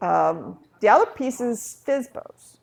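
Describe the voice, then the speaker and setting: A woman leading a real estate software training session, chatty and acting out little dialogues from her anecdotes. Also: fairly high pitch, lively intonation, slow, gravelly.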